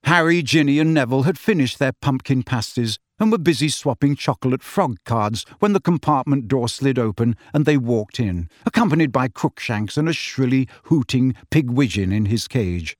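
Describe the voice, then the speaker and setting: A man narrating an audiobook in an expressive, measured storytelling manner. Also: medium pitch, no room sound, clean studio sound.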